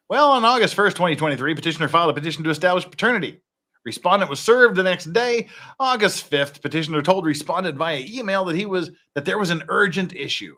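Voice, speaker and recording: A man's voice: sits high, expressive, quick pace, bright, forceful tone. A man hosting a casual legal-commentary podcast, reading court filings aloud with wry, joking asides. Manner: wry, reads documents aloud with jokey asides.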